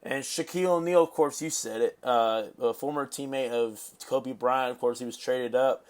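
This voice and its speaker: A man's voice: mid-range voice, steady tone, moderate pace. A man hosting a casual sports talk show, agreeable and reading posts aloud. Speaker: host.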